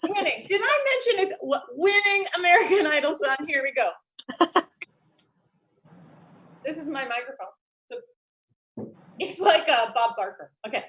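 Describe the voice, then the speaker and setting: A woman's voice: high voice, expressive, moderate pace, pauses often, fairly bright tone. A woman comedian doing a giggly, self-deprecating stand-up set over a video call.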